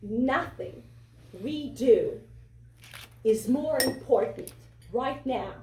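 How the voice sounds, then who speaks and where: A European woman with a foreign accent, a political candidate, gives an impassioned, repetitive campaign speech at a fundraiser venue. Her high voice is very slow and dark in tone. The recording is echoey and distant, with a little hiss or hum.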